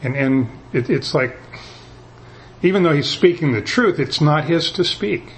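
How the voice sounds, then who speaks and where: A man's voice: a little high, expressive, unhurried, slight background noise. A man preaching a sermon as pastor, talking in a conversational way and often repeating words as he restarts.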